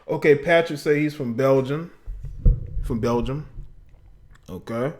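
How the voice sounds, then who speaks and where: A laid-back man hosts a live call-in show, talking loosely and slangily. He chuckles often as he reads out his viewers' comments, in a voice of middling pitch. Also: unhurried, a little mellow, a little hiss or hum. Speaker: livestream talk show host. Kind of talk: casual livestream chat, reading out viewer comments.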